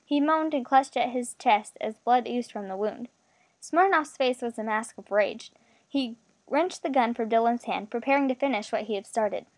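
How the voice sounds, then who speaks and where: A woman narrating a story aloud, reading with expression. Her voice sits somewhat high. The recording is close and dry, with no room sound. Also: normal speed, no room sound.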